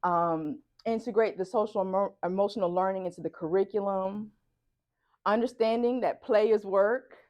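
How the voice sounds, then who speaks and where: Woman telling a lively story, lo-fi. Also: medium pitch, normal speed. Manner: animated storytelling, acts out dialogue. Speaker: conference presenter. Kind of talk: personal story and presentation talk.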